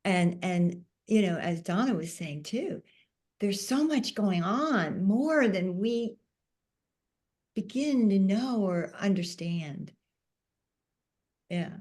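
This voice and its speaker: A woman on a panel, telling a personal story in a soft-spoken, emotional way. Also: medium pitch, lively intonation, takes it slowly, pauses often. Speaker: panel speaker.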